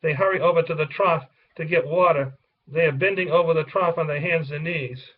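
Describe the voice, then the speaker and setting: A man's voice: a little high, fairly quick, slightly rough. A man reading the stage directions of a children's play aloud in a plain way. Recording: distant, dull lo-fi recording.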